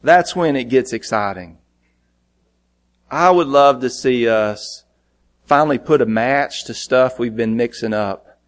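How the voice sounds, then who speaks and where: A man preaching a sermon, telling a lively personal story in a folksy, animated way. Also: a little slow, long pauses. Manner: animated, folksy storytelling, jumping in pitch for quoted lines.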